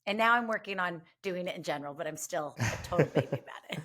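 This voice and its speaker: Bright, lively woman telling a story. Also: lowish voice, fast. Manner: animated, expressive storytelling with many asides. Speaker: guest, medium and grief counselor. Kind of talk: conversational podcast storytelling.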